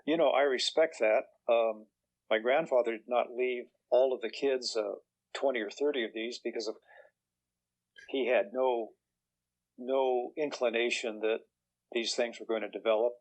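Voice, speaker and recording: An older man, a guest author, telling relaxed anecdotes in a chatty way and acting out the voices of people he quotes. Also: mid-range voice, normal speed, poor audio. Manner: chatty, acts out quoted voices, chuckles through punchlines.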